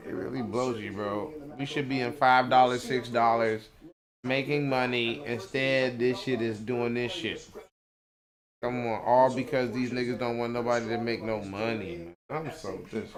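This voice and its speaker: A man rants on his home livestream, heated and profane, circling back to the same complaints again and again. His voice sits in a middling register. Clear crowd noise runs behind him. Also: medium pitch. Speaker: livestream host. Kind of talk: angry livestream rant.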